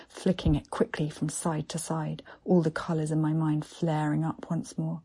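Female storyteller, whispered erotic narration, slow, flat, dark and intimate. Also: deep voice. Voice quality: breathy, half-whispered delivery.

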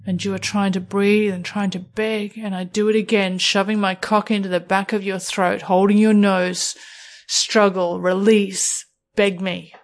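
A woman narrates an erotic story addressed straight to the listener. She speaks slowly and deliberately, with a firm, commanding edge. Her voice sits at an ordinary middle pitch. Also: flat delivery. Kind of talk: second-person erotic narration.

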